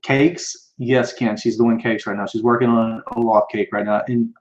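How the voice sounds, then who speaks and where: A man's voice: medium pitch, little pitch movement, normal speed, highs cut off. A man, probably in his thirties, hosting a live show and answering viewer questions in a casual, rambling way with many restarts. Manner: rambling, with frequent restarts and fillers. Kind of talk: casual live-stream chat. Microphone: computer microphone.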